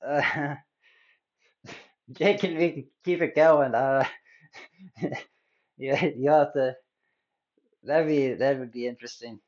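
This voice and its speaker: A man hosting a casual podcast, talking in a rambling, halting way with many restarts. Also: mid-range voice, darkish tone. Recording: muffled lo-fi audio.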